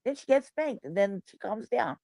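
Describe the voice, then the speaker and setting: A woman hosting a casual show, telling stories in an animated, profane way with lots of slang. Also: medium pitch, moderate pace, gravelly, dry recording. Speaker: host. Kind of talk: casual livestream chat.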